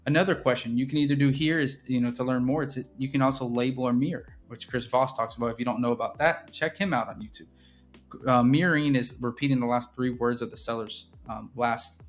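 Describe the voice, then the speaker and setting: A man with a medium-pitched voice talks a little fast over faint background music. He runs a real estate business and walks through his sales process in a casual, instructional way, often checking in with "right?"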